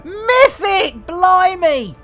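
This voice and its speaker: A woman chats with her viewers while playing a game, joking around and breaking into excited exclamations. Her voice is bright and forward, and she talks at an unhurried, drawn-out pace, full of fillers and trailing thoughts. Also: very high-pitched. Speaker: game streamer. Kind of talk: casual live-stream chat while playing.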